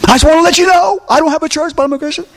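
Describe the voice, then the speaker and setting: A man's voice: very high voice, rapid-fire, gravelly, a little hiss or hum, voice pushed up. A male pastor mimicking an apologetic person who skips church, in a whiny, raised voice.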